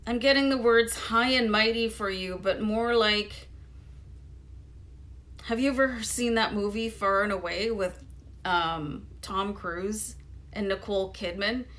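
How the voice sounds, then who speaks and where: Doing a relaxed tarot reading for viewers, this woman has a mid-range, slightly bright voice and an unhurried pace. Her talk is loose and chatty, peppered with "um" and "you know."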